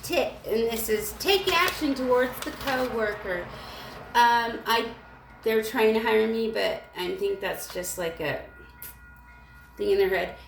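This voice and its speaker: Woman vlogger, gravelly voice, rambling and irritated, echoey room on a phone. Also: a little high, far from the mic, faint music behind. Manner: rambling, emotional, irritated, halting restarts. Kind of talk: rambling spiritual monologue. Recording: echoey room with faint ambience.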